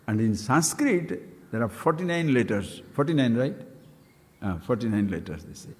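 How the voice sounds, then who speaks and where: Animated swami in a reverberant hall. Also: male voice, moderate pace. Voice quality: animated, playful, chanting Sanskrit syllables with wide swings in pitch. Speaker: spiritual teacher. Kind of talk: spiritual discourse.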